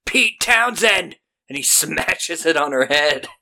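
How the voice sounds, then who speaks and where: Animated male podcast co-host. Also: a little high, a little slow, gravelly, a little hiss or hum. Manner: animated, acts out characters with shouted voices. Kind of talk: casual chat recapping a TV episode.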